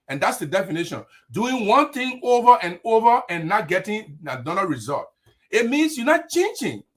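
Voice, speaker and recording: A man hosts a live online talk show in a fairly high voice. He leans hard on every point and speaks with deliberate emphasis. He sounds middle-aged. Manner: emphatic, forceful delivery.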